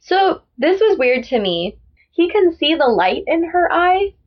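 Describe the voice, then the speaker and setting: A woman co-hosting a casual book discussion podcast, chatty and animated, quick to agree with her guest. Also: very high voice. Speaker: podcast co-host. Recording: lo-fi dull audio.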